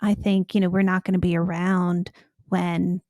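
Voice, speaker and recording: A woman guest with a soothing voice carrying a gravelly fry, who talks reflectively and hedges with fillers. Her sound is dry and close to the mic. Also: lowish voice, little pitch movement, normal speed, warm tone, no echo. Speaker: physician and author guest. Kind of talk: conversational interview.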